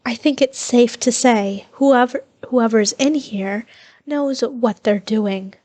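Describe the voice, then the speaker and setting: A woman voicing a cool, skeptical young male wizard with a measured manner. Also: on the high side, a little mellow.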